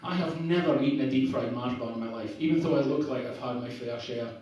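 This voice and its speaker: A stand-up comedian from Scotland with a northeast Scottish accent does a rambling, self-deprecating set at a bar open mic night. His mid-range voice is fast and darkish in tone. The lo-fi recording sounds like an echoey bar captured from a distance.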